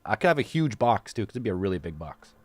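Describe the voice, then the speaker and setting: Lively low-voiced man co-hosting a radio show. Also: fast talker. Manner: loose, jokey and excitable. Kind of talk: casual radio talk. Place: radio studio.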